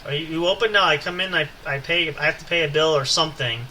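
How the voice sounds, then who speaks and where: A man's voice: fairly high pitch, bright, forceful tone, a little hiss or hum. A man putting on a disguised, broken-speech caller voice for a prank phone call. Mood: insistent. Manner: broken halting phrasing, insistent. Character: man on phone with fake foreign voice.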